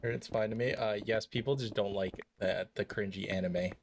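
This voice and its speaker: A man's voice: on the low side, steady tone, moderate pace, slight background noise. A young man chatting casually on a live game stream, joking, rambling and swearing freely.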